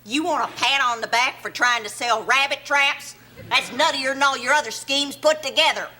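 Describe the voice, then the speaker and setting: A woman playing a cranky, self-pitying elderly mother in a TV sketch. She nags and snipes with a sharp tongue and acts the martyr. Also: high-pitched, moderate pace. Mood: scornful. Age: older. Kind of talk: 1970s TV sketch comedy acting. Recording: hissy old TV tape.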